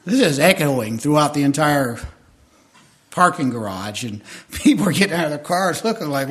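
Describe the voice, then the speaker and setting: A pastor in his fifties delivers an emotional sermon, with a voice that sits a little above the usual male pitch. He builds to loud, fervent stretches and then drops to quiet, tender asides. It sounds like personal storytelling from the pulpit. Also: brisk. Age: 50s.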